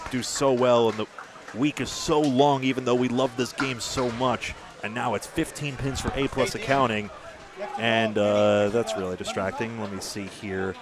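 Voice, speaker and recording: A man's voice: medium pitch, background noise. A man giving live bowling commentary, chatty and self-deprecating, with asides between frames.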